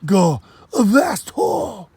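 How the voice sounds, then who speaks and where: A man voicing a loud, bossy Jamaican dockside man with a heavy accent, drawing his words out slowly. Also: high-pitched, very animated, gravelly, slightly rough, no echo, voice pushed up, exaggerated voice. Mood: bossy, mocking. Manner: loud, drawn-out and slow.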